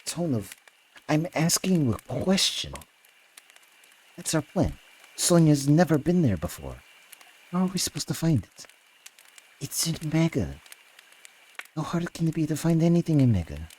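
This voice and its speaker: A man voicing an anxious, incredulous young man in a storybook reading, his voice pushed high and exasperated. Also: sing-song, unhurried, pauses often, a little mellow, slightly rough, exaggerated voice.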